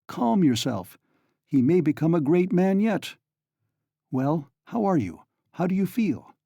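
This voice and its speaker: An obsessive older nobleman, read by a male narrator, presses his case in urgent, pleading tones. The voice is warm and dark, recorded dry and close. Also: sits high, sing-song, unhurried, vocal fry, breathy edge, no echo, pitched above the performer's own voice, exaggerated voice. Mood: coaxing. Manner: urgent, pleading, sometimes hushed.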